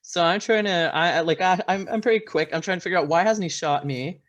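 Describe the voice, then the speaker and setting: Excitable player talking in character, keeps restarting lines, mid pitch. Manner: excitable, restarts sentences, talks fast when pressed. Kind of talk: in-character tabletop role-play.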